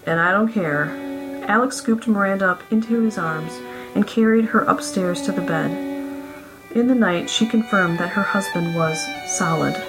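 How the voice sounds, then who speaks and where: A woman narrating a romance story in a smooth, even reading voice. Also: medium pitch, low-quality recording. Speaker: audiobook narrator.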